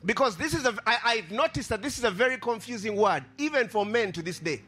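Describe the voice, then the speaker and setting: A man preaching a sermon with impassioned, sing-song delivery, repeating his phrases and rising to shouts. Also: high-pitched, lively intonation, fast talker, soft background music.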